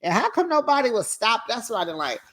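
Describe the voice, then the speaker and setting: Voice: mid-range voice, very animated, quick pace, a bit bright. A reality TV recap host giving casual, sassy commentary and calling listeners honey and child.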